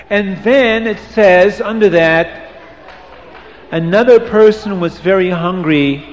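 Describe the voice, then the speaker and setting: A man telling a moral story to listeners, hushing them and moving between soft and emphatic delivery. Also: sits high, in a large hall.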